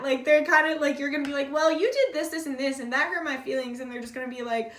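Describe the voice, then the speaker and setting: A woman's voice: high-pitched, brisk, fairly bright tone, slight background noise. Chatty woman reading tarot in an echoey room. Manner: chatty and blunt, swears freely, many fillers like "like". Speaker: tarot reader. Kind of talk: casual pick-a-card tarot reading. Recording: echoey room, voice a bit far from the mic.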